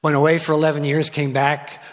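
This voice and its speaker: A man's voice: fairly high pitch, level tone, fairly quick. An older man, a guest pastor, preaching a sermon from the pulpit of a church with teasing jokes and asides. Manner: jokey and teasing, with restarts and asides. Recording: long hall reverb in a church.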